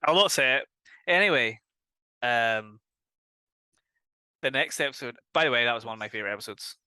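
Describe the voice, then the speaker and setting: Bright-voiced Northern Irish man, animated chat. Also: medium pitch, a little fast, clean tone, no echo. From Northern Ireland. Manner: enthusiastic, swears freely, laughs a lot. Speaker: podcast co-host. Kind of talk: casual chat reviewing a film.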